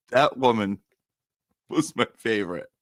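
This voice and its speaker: A man hosting a casual livestream, reading viewer comments and telling stories in an animated way. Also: medium pitch, slow, dry recording. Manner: animated storyteller, reads viewer comments aloud. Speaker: live stream host.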